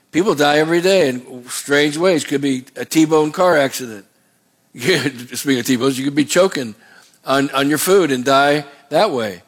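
A male pastor preaching a sermon in a folksy, digressive and earnest way. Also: fairly high pitch. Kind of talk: sermon with scripture reading.

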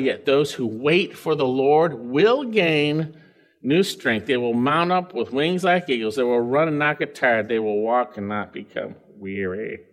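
A middle-aged male preacher whose voice sits slightly high for a man. He moves through a passage verse by verse, reading scripture and then explaining it in a lively, swinging delivery. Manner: expressive, rises and falls in pitch for emphasis. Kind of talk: expository sermon.

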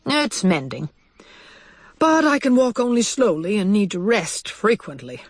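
A reader voicing an old male white mouse with a limp, cordial and measured in how he speaks. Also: mid-range voice, sing-song, dry recording, studio quality, voice pushed up. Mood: kindly.

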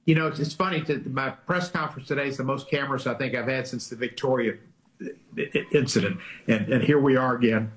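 Tearful man in his seventies, talking fast. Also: mid-range voice, fairly even intonation, rough recording. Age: 70s. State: tearful, emotional. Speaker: interviewed politician. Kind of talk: TV news interview.

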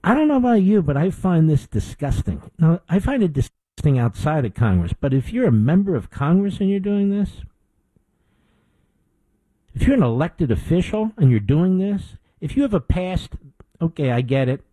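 A man's voice: a little high, big pitch swings, moderate pace, warm tone, no echo, low-quality recording. A middle-aged man hosting a political talk show, delivering an indignant opinion monologue with emphatic repetition.

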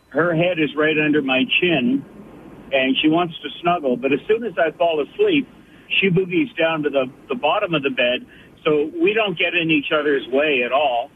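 A man calling in to a radio show, telling a story about himself in a reflective way. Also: a little high. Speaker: caller. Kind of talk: phone-in call. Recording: tinny phone line with faint noise.

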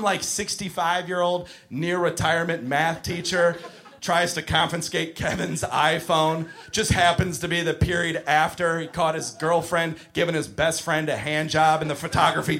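A man doing a stand-up set, swearing and shouting in a high voice when he mimics kids. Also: unhurried. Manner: animated, swearing, shouting kids' demands in a high voice. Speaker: stand-up comedian. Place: comedy club with audience laughter.

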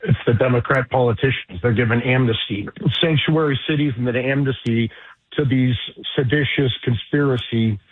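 Casting: male radio guest on a phone line, blunt and combative, husky voice, tinny sound. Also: mid-range voice, normal speed, no echo. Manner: blunt, insulting, emphatic. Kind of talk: combative political commentary.

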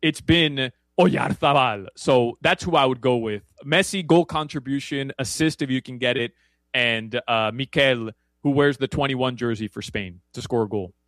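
A man's voice: medium pitch, moderate pace, fairly bright tone, no room sound. A man giving casual soccer betting picks, rambling with many fillers and restarts. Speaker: soccer analyst guest. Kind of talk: casual sports betting chat.

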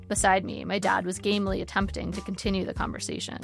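A woman narrating a personal memoir in a dry, measured way. Her mid-pitched voice has a gravelly, fried texture. Faint music plays underneath. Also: level tone. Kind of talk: reading a personal memoir aloud.

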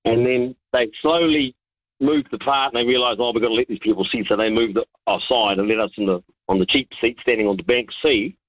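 A man, calling in to a radio show and telling an animated anecdote full of restarts and chuckles. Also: mid-range voice, brisk, no echo. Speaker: caller. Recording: dull, lo-fi line.

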